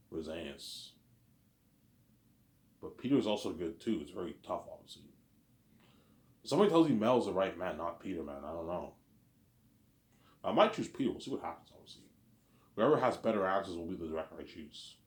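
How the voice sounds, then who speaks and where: A man's voice: low-pitched, animated, brisk, pauses often. A man rambling on in a casual monologue, repeating and restarting his phrases. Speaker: vlogger. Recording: echoey room.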